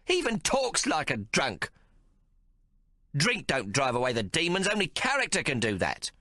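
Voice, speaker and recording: A fierce old mother with a coarse, scolding way of speaking, as a male narrator puts her on. The voice sits high and swings widely in pitch, with a bright, sharp edge. It sounds like a storybook reading in a dry booth. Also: very animated, moderate pace, no room sound. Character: fierce old working-class mother, tough and bitter. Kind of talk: audiobook character voice.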